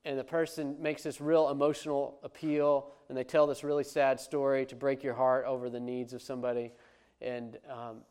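A man's voice: medium pitch, level tone, moderate pace, darkish tone, clear, resonant tone. A man preaching a sermon as a pastor, conversational and emphatic, with frequent restarts.

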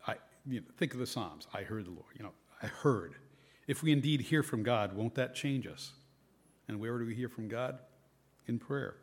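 A man's voice: medium pitch, animated, moderate pace, husky. Conversational male preacher reading scripture. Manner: conversational, reads scripture aloud with varied emphasis. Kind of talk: sermon.

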